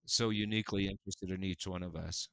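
A pastor telling stories with animated, earnest energy and frequent laughter. His lowish voice is bright and crisp. The sound is close and dry, with no room around it. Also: fast, dry recording. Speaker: pastor and guest. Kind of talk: casual conversational storytelling.

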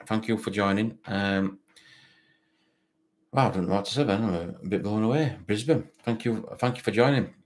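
Hosting a football fan live stream, a man with a broad Barnsley Yorkshire accent chats casually and reads out viewer comments. His lowish voice moves at normal speed over slight background noise as he rambles, repeats words and uses many fillers.

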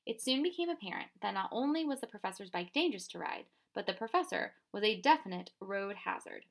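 A woman narrating a children's chapter book in a measured, expressive reading. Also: mid-range voice, gravelly. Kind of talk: storybook narration.

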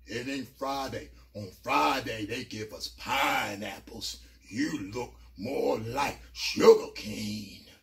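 A man doing a deep slow jailhouse bully. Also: creaky. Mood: menacing. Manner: slow, deep, taunting drawl. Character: big menacing male jail inmate.

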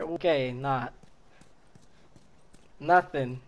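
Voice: mid-range voice, animated, slow pace. A gaming video creator giving reaction commentary over gameplay, taunting and swearing at enemies, talking to the characters, laughing and yelping often. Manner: laughs often, sudden yelps and shouts; talks to the game characters.

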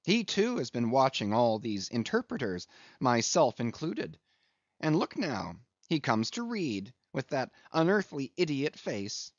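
A man's voice: a little high, no room sound, full character voice. A wry, chatty sailor ponders the strange men around him, his voice swinging up and down as he takes his time. A man reads the part. The audiobook sounds dull and lo-fi, with no room around it. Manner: chatty, wondering asides. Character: jovial, wry male sailor musing aloud. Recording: dull lo-fi dry recording.

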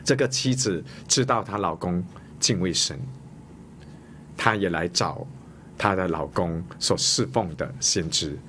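A man's voice: low voice, unhurried, fairly bright tone, a little hiss or hum. A man, preaching a sermon as a pastor, repeating each point and stressing key words.

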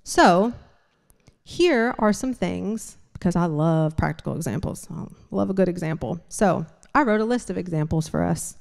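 A woman's voice: lowish voice, expressive, normal speed, vocal fry, darkish tone. A woman preaching a sermon to a congregation, emphatic and repeatedly checking in with the room by asking "right?" and "okay?". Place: church sanctuary before a congregation. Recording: long hall reverb.

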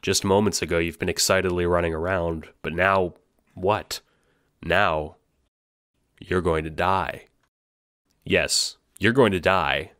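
A man narrating an audio drama in the second person, moving between hushed dread and panicked cries. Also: low-pitched, steady tone, slow, long pauses, dry recording, studio quality. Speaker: narrator and voice actor.

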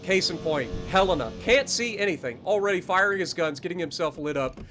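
A man's voice: sits high, expressive, fairly quick, music in the background. A man streaming a naval battle game live, ranting with heavy swearing and dry sarcasm about his bad luck. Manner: profane, exasperated ranting with sarcasm. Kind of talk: live gameplay commentary.

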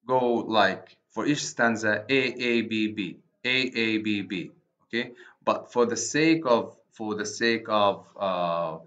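A man with an Arabic accent giving a recorded university lecture on poetry, speaking haltingly and correcting himself often. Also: on the low side, fairly bright tone. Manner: slow, halting, many restarts and self-corrections. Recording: dull lo-fi recording.

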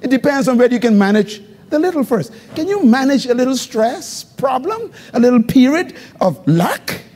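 A man preaching a live sermon as pastor to a congregation, calling for responses and swinging between loud high exclamations and low murmurs. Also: big pitch swings, moderate pace. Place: church hall before a congregation. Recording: live recording with long hall reverb.

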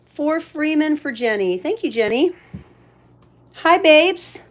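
High-pitched lady doing a slow chatty live sale, thanking buyers and babying her pets. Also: animated. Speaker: live shopping seller. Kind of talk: casual live-stream selling.

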